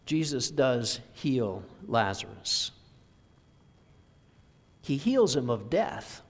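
Male preacher, slow deliberate sermon delivery, church reverb. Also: medium pitch, very animated. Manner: slow, measured storytelling with scripture reading. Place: church sanctuary.

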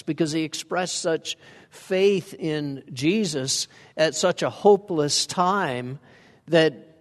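Male pastor, slightly higher-pitched voice, chatty sermon delivery, long church reverb. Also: slow pace. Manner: conversational, asks the congregation questions. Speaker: preacher. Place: church sanctuary.

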